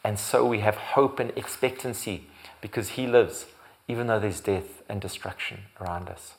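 A man preaching a sermon as pastor, building to loud, emphatic repeated phrases and sometimes correcting himself. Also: lowish voice, normal speed. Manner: occasional restarts and self-corrections.

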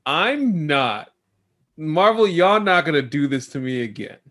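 A man in a casual podcast chat, excitable and halting, often restarting his sentences. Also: a little high. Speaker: podcast co-host.

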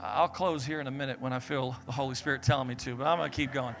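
A young man preaching an energetic sermon, acting out Bible figures and family members in quick voices. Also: mid-range voice, music in the background.

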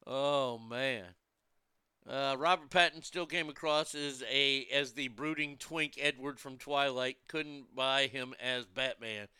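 A man's voice: medium pitch, steady tone, measured pace, bright, forceful tone, smooth, dry recording. A man rambling casually about food, movies and wrestling, blunt and profane, with many restarts. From United States.

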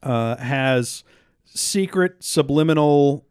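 A man's voice: medium pitch, takes it slowly, darkish tone, smooth, no room sound, studio quality. A young man co-hosting a casual podcast chat, rambling, stumbling over words, laughing and swearing often. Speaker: podcast co-host.

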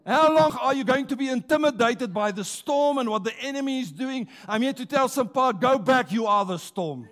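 A man preaches in a church with a notably high voice. He rallies the congregation with call-and-response and stretches out his key words. His delivery is rousing and emphatic. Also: a little fast, few pauses. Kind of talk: sermon.

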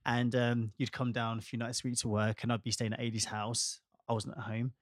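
Man, co-host, encouraging, rambling, mid pitch, dry recording. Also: little pitch movement, brisk, no room sound. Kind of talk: casual podcast conversation.

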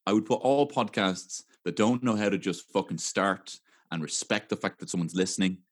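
A man's voice: sits low, normal speed, no echo. A man co-hosting a podcast, chipping in with dry, sceptical remarks. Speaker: podcast co-host. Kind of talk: casual banter.

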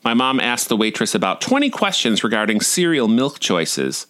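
A man in his forties reads his personal essays aloud in a wry, dryly comic way. His pitch is lively and rises and falls freely. The voice is bright and forceful. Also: normal speed, few pauses. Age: 40s. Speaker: storyteller.

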